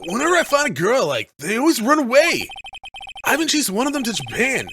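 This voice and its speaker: A man's voice: extremely high pitch, wildly swooping pitch, a little fast, gravelly, pushed and bright, slight background noise, heavily acted. A man voicing a whiny, lovesick young man who talks in a melodramatic way. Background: game music.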